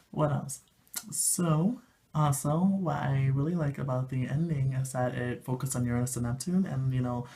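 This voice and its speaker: A man giving a casual, rambling video review, gushing with excitement and often dropping to soft murmurs. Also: mid-range voice. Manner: rambling with many fillers and restarts. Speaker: anime reviewer.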